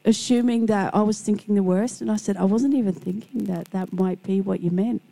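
A middle-aged woman gives a devotional talk, her voice gravelly with a mellow, darker tone. She tells personal stories in a warm, gentle way and briefly acts out the people in them. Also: mid-range voice, brisk, low-quality recording. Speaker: Christian speaker.

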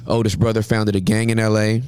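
A man in his forties from Southern California, a pastor telling stories as a guest in an interview, with a humorous, lively manner. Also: on the low side, fairly quick, clear, resonant tone. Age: 40s. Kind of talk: interview storytelling.

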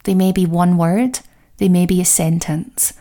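A woman hosting a self-help podcast, talking the listener through exercises with slow, deliberate, encouraging affirmations. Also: lowish voice, flat delivery, mellow. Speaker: podcast host and coach.

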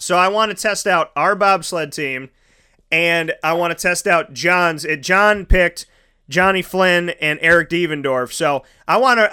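A man's voice: sits high, sharp tone, clear, resonant tone. A man hosting a casual interview, talking enthusiastically and rambling with restarts. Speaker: host.

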